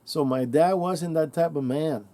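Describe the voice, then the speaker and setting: Casting: middle-aged man, mellow low-key tone, rambling conversational monologue with quoted asides. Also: measured pace. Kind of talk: casual opinion monologue.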